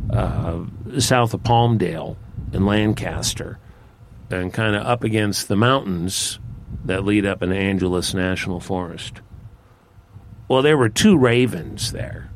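A man telling a folk tale in a relaxed, conversational, folksy way. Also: fairly low pitch, slow pace, a little hiss or hum. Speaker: storyteller. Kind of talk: folksy spoken storytelling.

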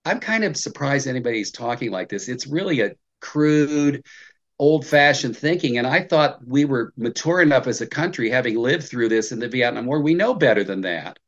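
A man's voice: medium pitch, animated, normal speed. Older man, muffled lo-fi audio. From United States. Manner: emphatic, with frequent restarts and stammered openings. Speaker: professor. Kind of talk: interview answers.

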